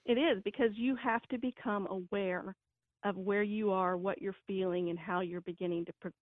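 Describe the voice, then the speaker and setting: A woman's voice: medium pitch, steady tone, normal speed. A woman calls in to a radio show and gives parenting advice. She speaks earnestly and with emphasis. Her voice comes through a thin, tinny phone line with no room echo. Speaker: parenting guest. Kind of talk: radio interview.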